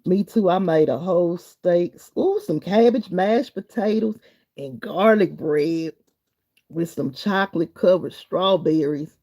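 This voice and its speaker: A middle-aged woman hosts a live stream, chatting loosely with viewers and reading their comments in a warm, encouraging way as she wanders between topics. Her voice is fairly low and unhurried.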